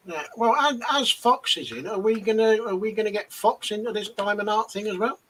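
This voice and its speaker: A man's voice: high-pitched, fairly quick, fairly bright tone, a little hiss or hum, low-quality recording. A man co-hosting a casual live show, chiming in with short agreements and playful teasing. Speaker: co-host. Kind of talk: casual live-stream chat.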